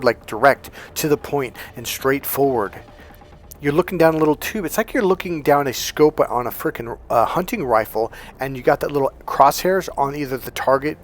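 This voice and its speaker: A man's voice: mid-range voice, a little hiss or hum. A man talking as a dating coach, blunt and profane, often quoting others in put-on voices. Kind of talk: coaching monologue.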